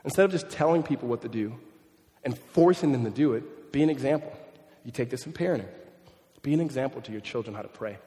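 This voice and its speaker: Speaking fast in a medium-pitched voice, a male pastor of about thirty gives an animated, conversational sermon full of humorous family anecdotes. The recording has a big-room sound.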